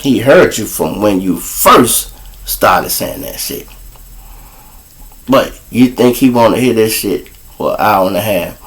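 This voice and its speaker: A man's voice: lowish voice, expressive, unhurried. A man hosting a live show, telling crude, preachy comic stories. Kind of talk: profane comic storytelling.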